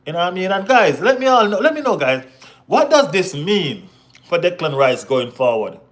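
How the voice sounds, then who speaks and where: This football live stream host has a high, sing-song voice and speaks at a moderate pace. He banters casually while reading chat and responding to viewers, often adding "you know what I mean".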